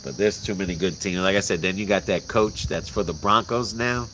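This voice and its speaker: A man's voice: low-pitched, brisk, background noise. A man from Puerto Rico chatting casually on a vlog, laughing and joking about sports with some swearing. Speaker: vlog host. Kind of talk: casual chat. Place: outdoors in rural mountains at night. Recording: outdoor recording, loud crickets. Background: loud crickets and insects.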